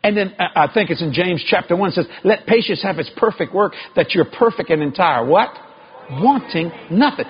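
A man preaching a sermon to a congregation, with emphatic stresses and sudden high shouted climbs. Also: expressive, normal speed, lo-fi sound.

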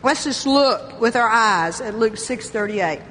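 Excited older woman preaching, bright. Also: fairly high pitch, a little slow, big-room sound, slight background noise. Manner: lively, laughs often, exclaims hallelujah. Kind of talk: sermon.

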